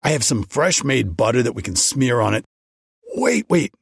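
A man's voice: medium pitch, animated, normal speed, creaky, breathy edge, dry recording, clean studio sound. A man voicing a chatty male baker who is eager to please.

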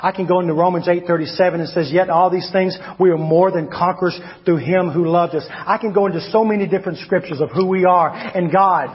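High-voiced preacher in a reverberant hall. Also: male voice, steady tone, a little fast, few pauses. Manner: preaching with swings from loud emphatic shouts to low quiet asides. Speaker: pastor. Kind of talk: sermon. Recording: long hall reverb, dull lo-fi sound.

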